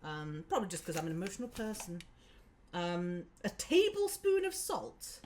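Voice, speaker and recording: Giggly, lively woman streaming cooking. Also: lowish voice, moderate pace, slight background noise. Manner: chatty, giggly, talks through each step aloud. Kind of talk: casual live-stream chat while cooking. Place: home kitchen.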